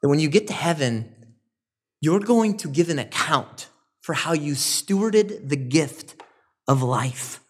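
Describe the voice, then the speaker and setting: A man preaching a sermon, animated and rising loud on emphasis, with quoted asides. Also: fairly high pitch, a little slow, husky. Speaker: pastor.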